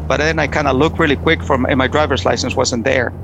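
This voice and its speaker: A man's voice: medium pitch, fairly even intonation, fast, gravelly, background noise. A man telling a personal testimony story in an earnest, emotional way, often restarting and repeating himself. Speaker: testimony speaker.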